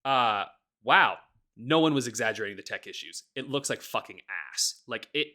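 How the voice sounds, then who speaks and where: A podcast co-host in casual chat, ranting with plenty of swearing and laughter. The voice swoops up and down a lot. The tone is bright and forward. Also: mid-range voice, normal speed. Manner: animated, profane ranting with frequent laughs.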